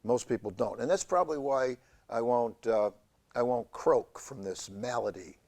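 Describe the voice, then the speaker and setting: A man hosting a community TV show, telling a rambling comic monologue in a halting deadpan way with many fillers. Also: medium pitch. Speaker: show host. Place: community TV studio.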